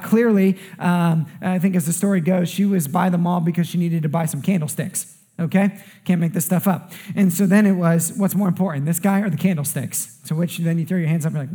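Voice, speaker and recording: A man, a pastor, preaching a sermon and telling stories to his church, often checking in with "okay?" and "right?". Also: sits high. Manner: storytelling with rising excitement and frequent "okay?" asides. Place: church service.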